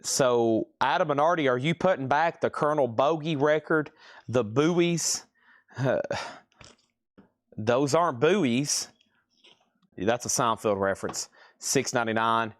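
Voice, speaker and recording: A man's voice: mid-range voice, a bit bright, no room sound, clean studio sound. A man with a Southern US accent, hosting a live record sale, drawing out his words and reading titles and prices in a chatty way. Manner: drawls out words.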